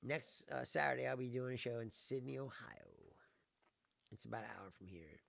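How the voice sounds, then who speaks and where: A man's voice: medium pitch, moderate pace, gravelly, fairly bright tone, no room sound. A man hosting his own livestream as a comedian, chatting loosely and laughing often between stories. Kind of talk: casual livestream chat.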